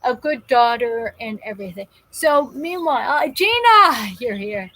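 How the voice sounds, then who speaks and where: A woman's voice: a little high, big pitch swings, a little slow, bright, forceful tone, no echo, poor audio. A woman from New Jersey hosting a live stream, chatting casually, reading out viewer comments and rambling through stories with frequent restarts while in pain. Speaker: host of a live call-in show.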